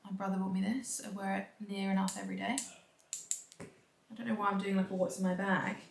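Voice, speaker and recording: A young woman vlogging in a relaxed, chatty way, talking straight to her handheld camera with quick asides. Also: medium pitch, vocal fry, slight background noise. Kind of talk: casual vlog chat. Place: home, then an outdoor restaurant. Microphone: handheld camera or phone.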